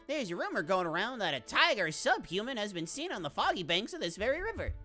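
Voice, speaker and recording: Woman doing a gossipy male soldier, drawling, coarse slang, sly, lively pitch. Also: fast talker, faint music behind. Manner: sly, conspiratorial, teasing.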